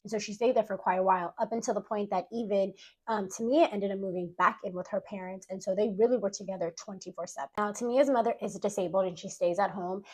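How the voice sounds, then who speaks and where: A woman casually retelling a story in an animated way, switching into quoted lines. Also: breathy edge, low-quality recording. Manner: animated retelling, voices quotes with rising pitch. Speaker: story recap host.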